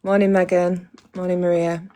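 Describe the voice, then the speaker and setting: Blunt, low-voiced woman livestreaming. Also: little pitch movement, moderate pace, dark tone, dry recording. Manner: blunt, profane, talks straight to her viewers. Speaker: livestream host. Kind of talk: casual livestream chat.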